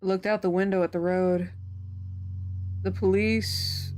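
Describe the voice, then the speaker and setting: A woman streaming a game, reading its text aloud and telling stories in a chatty, animated way. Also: slow, a little hiss or hum. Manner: chatty, animated storytelling with sudden pitch jumps. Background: background music.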